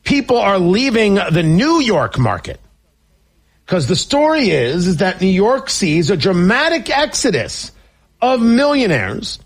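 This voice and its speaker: A man's voice: sits high, huge pitch swings, measured pace, breathy edge. A man hosting a political talk radio show, riffing sarcastically on the news.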